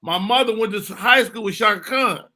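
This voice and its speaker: Male talk host, high bright voice, loose rambling banter. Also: fairly quick. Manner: loose, rambling, joking asides. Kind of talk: casual chat.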